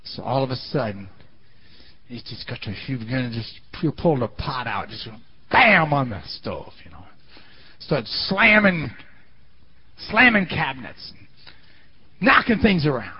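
A man's voice: mid-range voice, very animated, unhurried, pauses often, husky, muffled recording. A man preaching a sermon in a dramatic storytelling style, often asking the audience questions.

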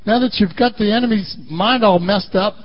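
With a high voice and a moderate pace, a preacher gives a lively sermon whose volume rises and falls between loud and quiet. The recording is muffled and lo-fi.

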